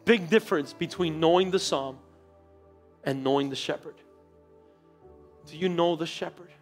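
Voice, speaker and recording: A male pastor preaching a sermon in a church, telling a story with dramatic swings between quiet and loud. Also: a little high, normal speed, faint music behind. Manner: storytelling, dramatic shifts in loudness.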